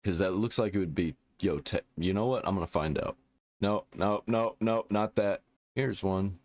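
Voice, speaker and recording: A man with a very deep voice gives casual reaction commentary. He talks back at what he watches, blunt and opinionated. His voice sounds dry and close. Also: moderate pace, darkish tone, dry recording. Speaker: reaction host.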